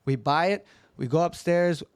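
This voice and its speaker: A man's voice: a little high, moderate pace, smooth, no echo. A young man casually telling a long, rambling story as a podcast host. He swears often and acts out the lines he quotes.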